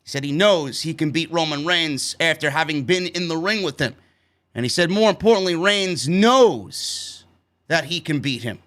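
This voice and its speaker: A man's voice: fairly high pitch, lively intonation, normal speed, a bit bright. A man hosting a wrestling show review, ranting heatedly and swearing constantly as he talks through the episode.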